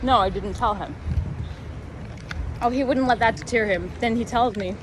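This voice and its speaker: A young woman vlogger telling a casual storytime rant, animated and exasperated, rambling with many fillers. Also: on the high side, moderate pace, slight background noise, low-quality recording.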